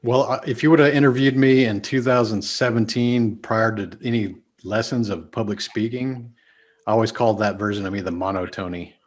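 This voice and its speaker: A man's voice: on the low side, fairly even intonation, moderate pace. A man with a Texas accent, a podcast guest talking casually and emphatically, often shifting his speed and volume. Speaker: podcast guest, business speaker.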